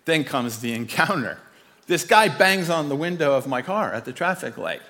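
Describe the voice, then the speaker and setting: A man giving a conversational, storytelling sermon with an animated delivery and self-deprecating chuckles. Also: a little high, moderate pace, big-room sound.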